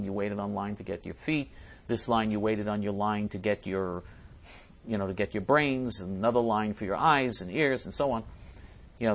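A man hosting a talk show, delivering an emphatic, scornful monologue with many restarts and sudden swings in loudness. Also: lowish voice. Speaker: talk show host reading listener messages. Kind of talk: ranting monologue.

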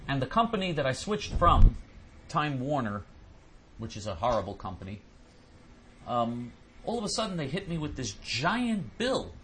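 Male host, animated and indignant, tumbling over repeated words; a bright, breathy voice. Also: medium pitch, moderate pace, a little hiss or hum. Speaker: host answering listener questions. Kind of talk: ranting monologue.

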